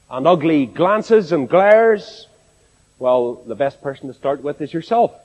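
A man's voice: on the high side, darkish tone. A man with a Northern Irish accent preaching a sermon to a congregation, speaking expressively and asking rhetorical questions in an echoey hall. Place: large assembly hall.

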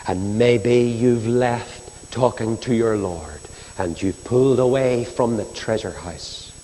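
A man preaching a sermon with fervor, swinging between loud declarations and hushed, pleading passages. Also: lowish voice. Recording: long reverb of a large hall.

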